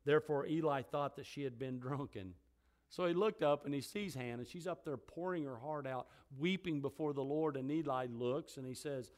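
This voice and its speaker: A man preaching a sermon. He reads scripture quietly and in a lower voice, then grows loud and high as he preaches on it. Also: normal speed.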